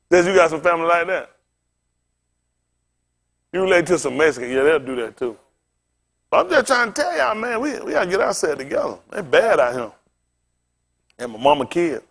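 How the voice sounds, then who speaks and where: High, lively-voiced male pastor preaching. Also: moderate pace, vocal fry, pauses often. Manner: animated, colloquial, often laughing while telling stories. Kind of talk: sermon with humorous storytelling.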